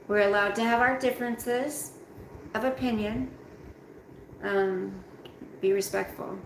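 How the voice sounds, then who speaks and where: A woman's voice: a little high, reverberant, slight background noise, rough recording. A tired woman hosting a casual live chat from home, rambling and greeting viewers by name. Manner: slow, rambling, talks straight to chat by name. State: tired, yawning. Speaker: livestream host reading chat. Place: at home, roomy room.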